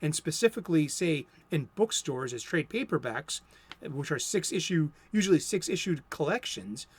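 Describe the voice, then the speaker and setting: A man in his fifties talks his way through a comic book monologue with firm opinions. His voice sits a bit higher than most men's. He speaks conversationally and sometimes stumbles and restarts a phrase. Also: sing-song, moderate pace, breathy edge. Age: 50s. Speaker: comic book video host. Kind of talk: casual monologue.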